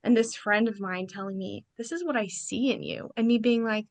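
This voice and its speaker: A woman, a podcast guest, telling a personal story in an animated way and quoting her friends in lively bursts. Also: a little high, fairly quick, hardly any pauses.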